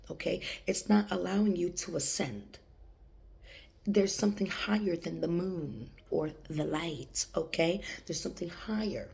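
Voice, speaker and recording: A woman's voice: fairly low pitch, a little slow, gravelly, warm tone. A woman talking to camera in a rambling casual monologue, laughing often and sometimes dropping to a whisper. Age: adult, has a young daughter. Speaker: channeler.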